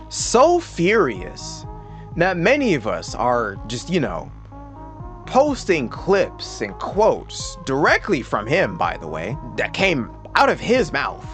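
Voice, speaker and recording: A man's voice: mid-range voice, fairly bright tone. Sarcastic, swearing male commentator. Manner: sarcastic, profane, exasperated. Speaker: political commentary YouTuber. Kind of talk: casual commentary rant.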